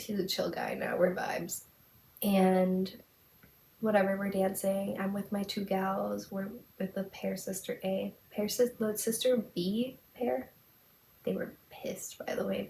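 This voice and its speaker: A woman's voice: medium pitch, creaky, darkish tone. A young woman hosting a podcast, telling a dramatic personal story in a chatty way, full of "like". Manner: chatty, lots of "like", dramatic retelling. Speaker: podcast host. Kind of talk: casual storytelling. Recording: echoey room with faint hiss.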